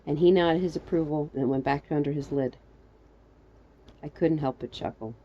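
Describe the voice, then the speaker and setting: A woman reading her first-person fan fiction story aloud, soft-spoken and unhurried. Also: low voice, highs cut off, a little hiss or hum.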